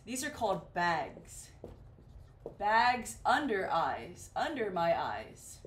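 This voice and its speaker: Slow, lively woman teaching beginners. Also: on the high side. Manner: animated, playful, acts out little example dialogues. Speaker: English teacher. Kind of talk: slow, clear beginner English lesson.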